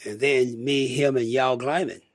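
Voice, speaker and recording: An older Michigan-born American musician talks a little slowly at a medium pitch, recorded in clean studio sound without echo. As an interview guest, he spins rambling stories and acts out what people said.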